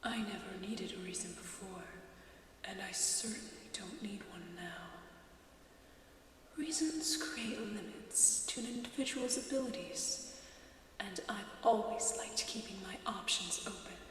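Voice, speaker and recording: A woman's voice: mid-range voice, unhurried, a bit bright, slight background noise, pitched below the performer's own voice, natural voice. Woman whispering as a mocking shadow spirit. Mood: taunting. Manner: taunting, sly whispering. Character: mocking, bored shadow spirit, cruel and teasing. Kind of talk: whispered role-play. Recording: echoey, distant, reverberant recording.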